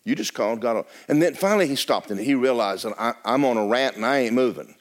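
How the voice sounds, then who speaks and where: A male pastor preaching a storytelling sermon, swinging from hushed asides to near-shouted declarations in a church sanctuary. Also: medium pitch, fast talker.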